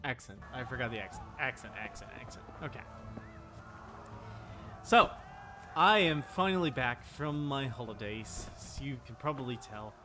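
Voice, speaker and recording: A man's voice: mid-range voice, lively intonation, normal speed, over music. A young man giving casual, flustered commentary while playing a game, with frequent exclamations. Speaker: gameplay streamer.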